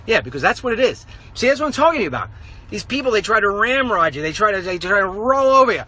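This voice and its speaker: A middle-aged man, a conservative radio host, rambles through an animated walk-and-talk vlog, telling stories and ranting. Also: sits high, fast talker, low-quality recording. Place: outdoors, walking.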